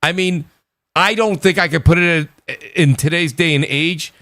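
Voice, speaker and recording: A talkative man with a New York accent runs a relaxed gaming panel. His voice sits a little high for a man. It comes through a close mic in a dry, dead room. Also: moderate pace, dry recording. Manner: animated, talkative, slips into quoted voices. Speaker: podcast host. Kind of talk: casual gaming panel chat.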